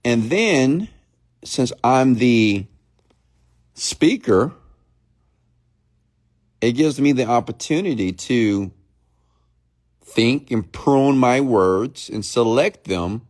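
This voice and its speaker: A man coaching his live-stream audience, speaking slowly and deliberately and often checking in with them. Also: mid-range voice, lively intonation, a little mellow. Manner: slow, deliberate speech with long pauses, often checking in with the audience; mimics fast rambling talk to show the contrast.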